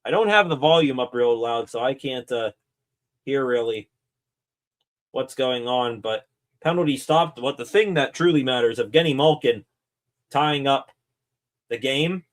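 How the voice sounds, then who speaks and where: A man hosting a sports channel, giving excited live play-by-play reaction commentary that rambles with fillers and self-corrections. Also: medium pitch, unhurried, long pauses.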